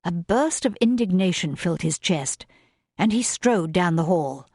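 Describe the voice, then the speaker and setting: A woman narrating a romance audiobook in a measured, even reading style. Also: fairly low pitch, dry recording, clean studio sound. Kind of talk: scripted narration.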